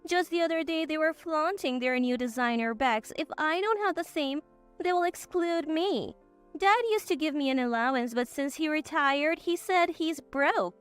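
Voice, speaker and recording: A woman's voice: sits high, normal speed, soft background music, pitched above the performer's own voice, lightly acted. A woman voicing a selfish, spoiled young mother who talks in a whiny, self-pitying way. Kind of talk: storybook drama narration.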